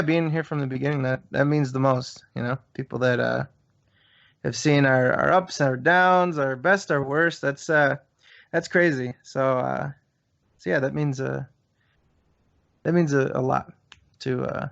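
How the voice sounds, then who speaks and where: A man hosting a casual group podcast, talking haltingly with many fillers. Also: mid-range voice, steady tone, vocal fry, fairly bright tone. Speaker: podcast host. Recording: dull lo-fi internet audio.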